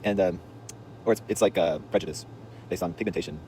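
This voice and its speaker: A man's voice: sits low, fairly quick, warm tone, slight background noise. A man telling a story in a casual, rambling, slangy monologue, intense in delivery, recorded outdoors on a city street.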